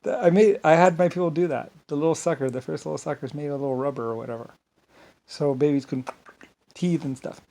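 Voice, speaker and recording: A man's voice: on the high side, a little fast, vocal fry, warm tone. A man giving a meandering, grandiose unscripted monologue, often repeating himself. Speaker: solo speaker.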